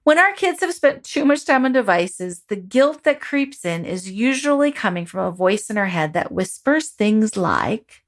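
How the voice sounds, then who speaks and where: A woman hosting a parenting coaching podcast, talking in an expressive, encouraging, conversational way. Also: medium pitch, unhurried, hardly any pauses.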